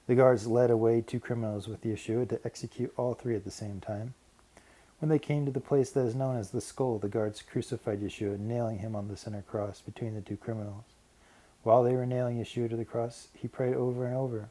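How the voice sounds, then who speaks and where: A man narrating a Bible passage in a measured, steady reading. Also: medium pitch, low-quality recording. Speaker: Bible reader. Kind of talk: scripted narration.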